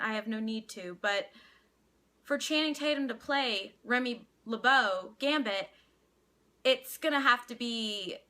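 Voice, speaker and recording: A woman's voice: a little high, bright, forceful tone. A young woman from Louisiana with a light Louisiana accent, sharing her opinion in a casual vlog and often stopping to restart her sentences. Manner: hesitant, many restarts. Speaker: vlogger.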